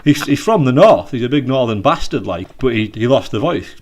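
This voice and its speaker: A man's voice: mid-range voice, animated, fairly quick, darkish tone. A British man co-hosting a casual podcast over a video call, rambling and swearing, with many fillers and restarts. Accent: British English. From United Kingdom. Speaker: podcast co-host. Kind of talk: casual chat.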